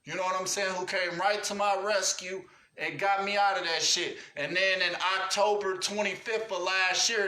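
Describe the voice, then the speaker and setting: A man's voice: sits high, pushed and bright, echoey room. A man hosting a livestream rant, angry and profane, talking street slang and cussing at viewers. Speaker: livestream host. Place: indoors at home.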